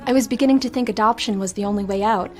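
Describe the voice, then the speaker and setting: A woman's voice: medium pitch, very fast, music in the background, close to an everyday voice. Woman playing a worn-out relieved mom. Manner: relieved, confessional. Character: worn-out relieved young mother. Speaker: infomercial testimonial.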